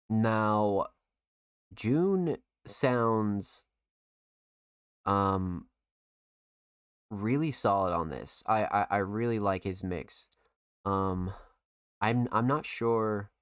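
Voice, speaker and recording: A man's voice: low-pitched, smooth, dry recording, clean studio sound. A young man hosting a podcast, giving a casual, profane music review full of fillers. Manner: profane, filler-heavy, enthusiastic.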